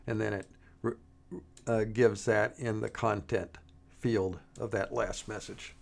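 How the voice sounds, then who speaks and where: A man walks through a software demo with a gravelly edge to his voice. He talks slowly and in halting stretches, stopping to restart his sentences. The delivery stays relaxed throughout. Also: on the low side. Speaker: software tutorial presenter. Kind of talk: screen-recorded coding tutorial.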